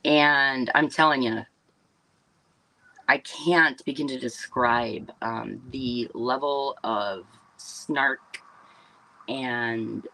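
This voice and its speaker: Chatty woman with a bright voice. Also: very deep voice, extremely slow, no room sound, rough recording. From Wisconsin, US. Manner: rambling and chatty, with many fillers and asides to viewers. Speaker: livestream host and business owner. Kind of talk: casual livestream monologue.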